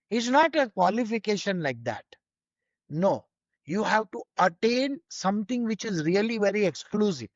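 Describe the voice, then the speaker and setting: A man's voice: high-pitched, dry recording, dull audio. A man giving an informal spiritual teaching, conversational and full of rhetorical questions.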